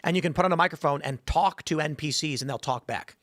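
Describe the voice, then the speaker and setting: A man with a fairly high voice hosts a casual podcast debate, pressing his point and cutting in on his co-host. The sound is dry and close, with no room around it. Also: fast talker, fairly bright tone, no room sound. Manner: argumentative, interrupts. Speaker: show host.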